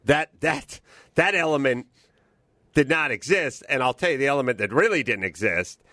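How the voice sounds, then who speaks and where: A man's voice: mid-range voice, moderate pace, no room sound, clean studio sound. A man telling stories in a casual, profane comedic rant as a podcast host. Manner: profane, animated storytelling, swaps into voices for quotes.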